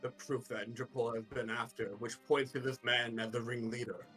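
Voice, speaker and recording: A man voicing a stern young male prosecutor in a measured, earnest reading of game dialogue. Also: medium pitch, little pitch movement, pushed and bright, faint music behind, pitched below the performer's own voice, natural voice. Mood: determined.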